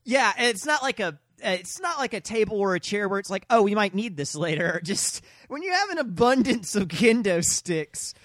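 A podcast co-host with a lively, swooping voice trades wry jokes and laughs often. The sound is dry and close, with no room echo. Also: mid-range voice, normal speed, few pauses. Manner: wry, laughing, swears freely. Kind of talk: casual chat.

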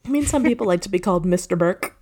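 A woman's voice: on the low side, expressive, fast, a little mellow. A woman player in a tabletop game, wry and casual, swearing freely.

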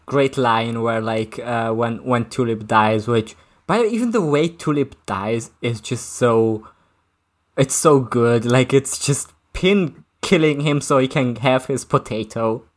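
A podcast co-host in a casual book discussion who talks haltingly, restarts sentences often and sounds amused. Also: medium pitch.

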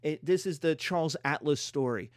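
A man's voice: fairly high pitch, normal speed, no echo, clean studio sound. A man giving a playful history lecture, acting out countries in silly voices.

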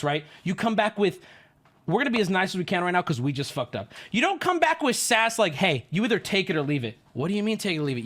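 A man's voice: sits high, fairly bright tone. A man streaming, telling a story to his chat in an indignant, profane rant. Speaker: livestreamer.

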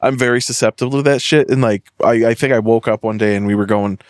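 A young man from Western Massachusetts, a podcast host who tells animated stories and swears freely in casual chat. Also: fairly low pitch, fast, smooth, no room sound, clean studio sound.

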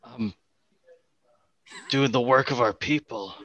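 A man voicing a cocky, hungry male orc adventurer who speaks loudly and eagerly in a tabletop game. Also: mid-range voice, slow, vocal fry, dull audio. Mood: proud.

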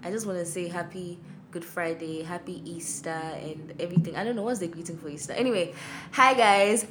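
A woman's voice: on the low side, brisk, over music. A young woman, co-hosting a casual podcast chat in a teasing, laughing way. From Ghana. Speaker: podcast co-host.

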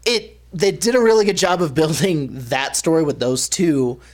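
A man's voice: fairly high pitch, animated, normal speed. A young man co-hosting a casual podcast chat, rambling with many fillers. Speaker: podcast co-host.

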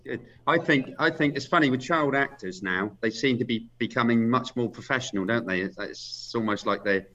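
Older guy in his 60s, bright tense voice, always agreeing, muffled sound. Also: mid-range voice, normal speed, hardly any pauses. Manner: agreeable, chimes in often. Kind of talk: casual film chat.

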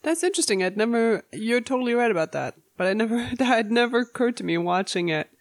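A woman chatting casually, opinionated and quick to laugh. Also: on the high side, lively intonation. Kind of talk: casual chat about book adaptations.

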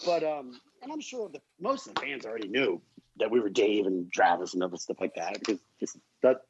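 A man appearing as a podcast guest, telling a story in a loose, animated, profane way full of asides. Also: on the low side, brisk, lo-fi sound, a crowd in the background. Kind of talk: casual storytelling.

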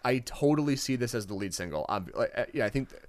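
A man's voice: medium pitch, animated, quick pace, no echo, studio quality. Rambling, playful man on a podcast. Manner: rambling, playful, self-correcting. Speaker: podcast co-host. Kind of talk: casual chat.

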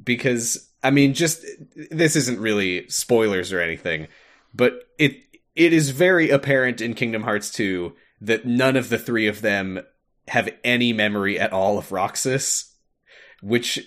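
A young man co-hosting a podcast, casually recapping a game's story with animated retelling and frequent laughter. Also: lowish voice, measured pace. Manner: animated storytelling, laughs often, acts out lines. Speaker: podcast co-host. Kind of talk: casual chat recapping a game.

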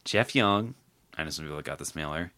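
A man's voice: very deep voice, lively intonation, fairly quick, sharp tone. A man hosting a podcast in casual political chat, rambling with lots of fillers and restarts. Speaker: podcast host.

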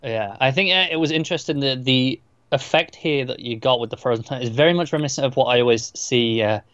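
A man talks quickly and thoughtfully about a TV episode, working through ideas as he goes. His voice comes through a dull, lo-fi mic with a dry, close sound. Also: mid-range voice, fairly bright tone, no room sound. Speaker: podcast co-host. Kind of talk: casual TV episode recap chat.

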